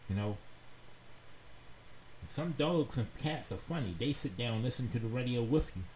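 A man hosting a radio talk show, giving heartfelt advice in a slow, earnest, preachy way and repeating phrases for emphasis. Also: mid-range voice, animated, darkish tone. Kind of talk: heartfelt advice monologue to listeners. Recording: roomy echoey sound with faint background noise.

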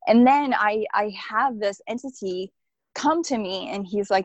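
In a dull, lo-fi, dry recording, a woman with a mid-range voice earnestly recounts something that happened to her. She speaks unhurriedly and rambles, peppering her story with "like."

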